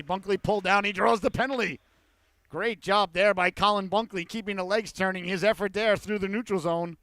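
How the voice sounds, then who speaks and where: A man calling a youth hockey game play-by-play, with rapid calls that rise to excited shouts on goals. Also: high voice, clean tone, no echo. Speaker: play-by-play commentator.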